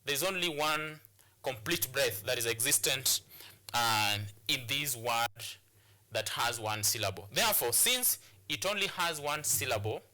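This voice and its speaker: A man's voice: mid-range voice, animated, a little slow, pushed and bright. A man with a Kenyan English accent teaching an English pronunciation lesson, repeating and restarting phrases as he explains to students.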